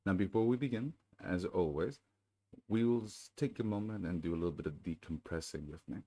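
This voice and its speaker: A man hosting his channel in casual chat, then reading a storybook aloud in a soothing, unhurried way. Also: low voice, dark tone. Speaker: channel host.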